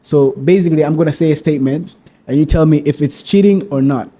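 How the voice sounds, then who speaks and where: A man's voice: a little high, fast, mellow. A man hosting a podcast, upbeat as he leads the segments in casual chat. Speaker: podcast host.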